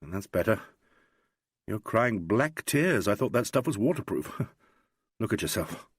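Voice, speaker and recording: A man reading an audiobook, voicing a calm, dry-humoured male detective who talks in a matter-of-fact way. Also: on the low side, measured pace, slightly rough, no echo, heavily acted.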